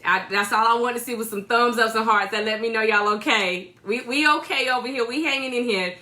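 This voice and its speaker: Woman co-host, bright tone, casual and teasing, talks to viewers from home. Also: fairly high pitch, brisk. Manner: greets viewers by name, chatty and teasing. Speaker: co-host of a church livestream. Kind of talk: casual livestream chat.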